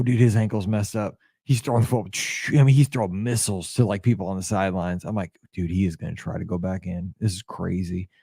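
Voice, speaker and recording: A man hosting a podcast, telling a story in a casual, excitable and openly emotional way, with lots of restarts. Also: lowish voice, no room sound, studio quality. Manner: excitable, rambling sports storyteller. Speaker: podcast host.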